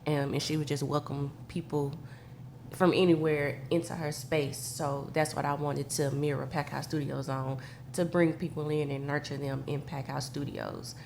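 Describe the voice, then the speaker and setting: A woman with a Memphis accent, a guest talking in a relaxed, slangy way with many fillers. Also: low voice, normal speed, vocal fry, slight background noise. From Memphis, Tennessee. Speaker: guest, studio owner. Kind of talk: casual interview chat.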